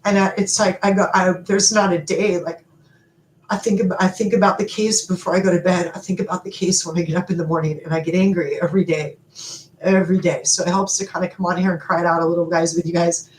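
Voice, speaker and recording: A middle-aged woman hosting a live stream, talking to viewers in an animated, emotional and rambling way, often laughing. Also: fairly low pitch, quick pace. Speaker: livestream host. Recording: echoey room with faint background noise.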